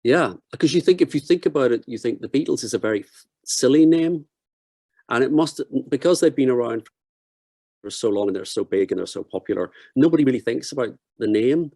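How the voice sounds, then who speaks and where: A man guest on an interview show, telling stories in a relaxed, unhurried way. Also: medium pitch, no echo. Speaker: guest, podcast co-host. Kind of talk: casual interview storytelling.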